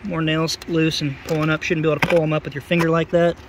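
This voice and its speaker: A man's voice: fairly high pitch, little pitch movement, quick pace, background noise. A man, a roofer, walks over a roof outdoors and explains in a folksy, plainspoken way what is wrong with it. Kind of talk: casual walkthrough explaining roof faults.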